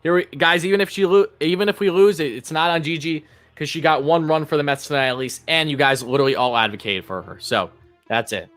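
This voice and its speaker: High-voiced excitable fan commentator. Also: male voice, quick pace, faint music behind. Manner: chatty, addresses chat as "guys", swings from calm calls to loud outbursts. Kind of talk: live play-by-play fan commentary.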